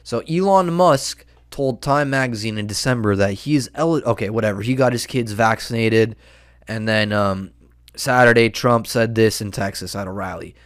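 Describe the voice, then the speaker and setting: A man's voice: fairly low pitch, moderate pace, smooth. Man ranting with "dude" and "man". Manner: profane and excitable, peppered with "dude" and "man". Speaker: podcast host. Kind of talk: solo podcast rant.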